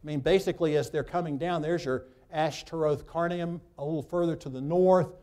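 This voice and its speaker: A man's voice: fairly high pitch, fairly even intonation, brisk, mellow. A man teaching a Bible class, reading scripture aloud, then breaking off with loose asides as he points things out on a map. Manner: talks loosely, with restarts, while pointing at a map.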